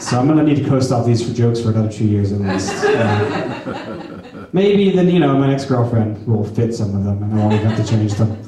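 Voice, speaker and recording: A man in his thirties doing a deadpan, self-deprecating stand-up set. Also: lowish voice, fairly quick, a crowd in the background. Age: 30s. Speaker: stand-up comedian. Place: back room of a skate shop, live audience. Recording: echoey room from far off, audience audible.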